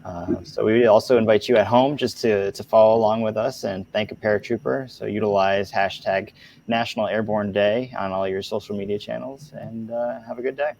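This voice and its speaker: A man's voice: on the low side, fairly even intonation, moderate pace, creaky, a little mellow, slight background noise. A man hosting an interview, wrapping up with polite, formal thanks. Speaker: interview host. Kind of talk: closing remarks of an interview.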